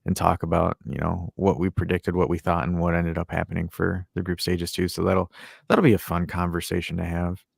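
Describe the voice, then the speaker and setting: Male co-host, deep fry-heavy voice, dry mic, playful banter. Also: fairly quick, no echo. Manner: joking, animated, laughs often. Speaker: podcast co-host. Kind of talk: casual live stream chat.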